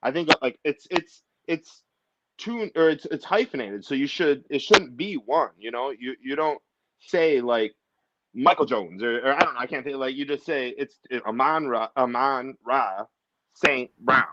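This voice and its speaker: A man's voice: medium pitch, lively intonation, moderate pace, fairly bright tone, no room sound, lo-fi sound. A man co-hosting a casual sports podcast, rambling and enthusiastic as he reels off stats. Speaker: podcast co-host.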